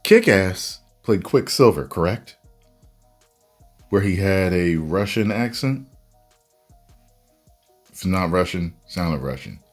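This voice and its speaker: A man reviewing a movie in a casual video rant, animated and breaking into loud exasperated outbursts. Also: low voice, slow pace, long pauses, soft background music.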